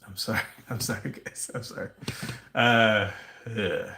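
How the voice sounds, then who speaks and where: A man's voice: on the low side, a little slow, vocal fry, bright, forceful tone. A man hosting a livestream, talking in a rambling, conspiratorial monologue with restarts and wry asides. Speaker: livestream host. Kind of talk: casual ranting monologue. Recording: roomy echo.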